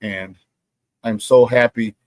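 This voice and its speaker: Speaking at an unhurried pace in a mid-range voice, this man runs a casual sports talk show where he promotes merch and tells lively stories, performing each quote. The recording has no room sound.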